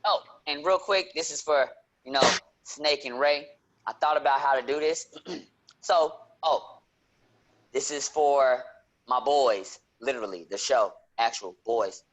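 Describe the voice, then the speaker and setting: A man hosting a casual nerd-culture podcast, talking animatedly and leaping into excited high notes. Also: a little slow, a little hiss or hum. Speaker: podcast host.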